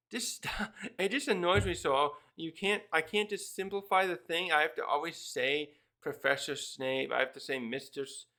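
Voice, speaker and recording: In a loose, rambling spoken review of a manga chapter, a man slips into quick put-on voices to briefly act out the characters' lines. His voice is a little high with a sharp tone.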